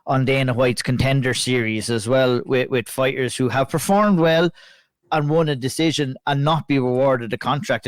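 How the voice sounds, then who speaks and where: A man's voice: mid-range voice, no echo. An Irish man hosting a podcast, asking long, earnest, rambling questions. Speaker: podcast host. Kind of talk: interview.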